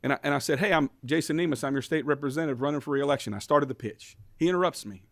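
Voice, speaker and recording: A man's voice: a little high, very fast, vocal fry, a bit bright, no echo. Man, state rep, passionate testimony, stories and rhetorical questions, dry close mic. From Kentucky. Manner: impassioned storytelling, building to emphatic rhetorical questions. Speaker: state representative, bill sponsor. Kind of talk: legislative committee testimony.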